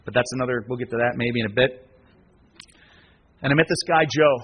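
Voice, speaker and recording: A man's voice: medium pitch, fairly quick, highs cut off, a little hiss or hum. A man speaking at a recovery gathering, telling his own story in a conversational way, repeating words and often asking "right?". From United States. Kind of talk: personal story talk. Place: speaking at a conference.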